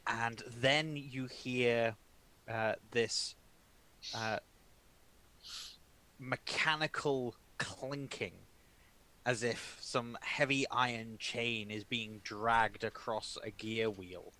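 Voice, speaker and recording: A man's voice: medium pitch, fairly even intonation, very slow, bright, forceful tone. A man narrating a tabletop game as dungeon master, describing scenes with many filler sounds.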